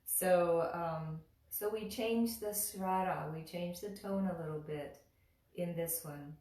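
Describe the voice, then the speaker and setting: A woman teaching pronunciation, patiently repeating each syllable slowly and clearly. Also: fairly low pitch, a little mellow. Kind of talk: slow, patient pronunciation lesson. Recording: roomy echo, voice a bit far from the mic.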